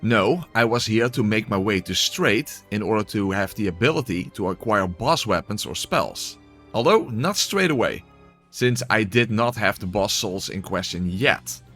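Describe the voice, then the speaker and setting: A man's voice: on the low side, expressive, moderate pace, fairly bright tone, soft background music. A man giving casual gameplay commentary and voice-over narration, exclamatory, swearing, with wry asides.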